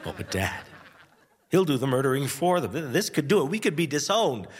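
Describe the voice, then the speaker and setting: A man hosting a radio show, telling a nostalgic story in a wry, animated way with chuckles and dramatic pauses. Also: on the high side, breathy edge, big-room sound. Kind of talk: nostalgic first-person storytelling.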